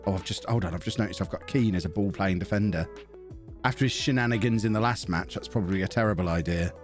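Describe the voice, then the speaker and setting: A man's voice: low voice, fast, soft background music. A man casually commentating on his own football management game on a live stream, chatty and self-mocking as he thinks aloud and thanks subscribers.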